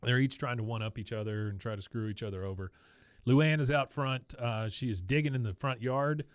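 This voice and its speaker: A man co-hosting a casual podcast recaps an episode scene by scene. He tells it briskly and chuckles often. His voice sits at a middle pitch, and the room is dry and close. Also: smooth, dry recording. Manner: lively retelling, chuckling often. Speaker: podcast co-host.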